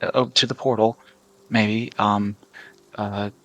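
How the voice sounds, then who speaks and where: A man's voice: fairly low pitch, flat delivery, slow, a bit bright, dry recording, rough recording. A man describing his character in a tabletop game, hesitant and full of restarts. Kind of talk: casual role-play narration.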